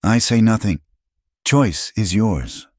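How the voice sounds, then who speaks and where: A man's voice: lowish voice, lively intonation, slow pace, darkish tone, dry recording, clean studio sound, voice pushed up. A man voicing a solemn, proud warrior who speaks in short, clipped, broken phrases.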